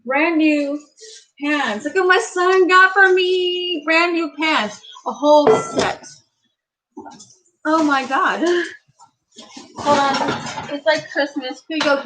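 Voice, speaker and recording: A middle-aged woman vlogging an excited unboxing in her home kitchen, gushing and exclaiming often. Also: high voice, takes it slowly, a little hiss or hum, low-quality recording.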